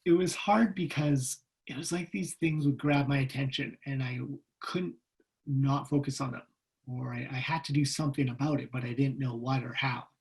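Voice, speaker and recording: Lively storytelling man on a video call. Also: medium pitch, rough recording. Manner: lively, humorous, acts out voices in his stories. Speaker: guest speaker. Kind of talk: personal storytelling talk.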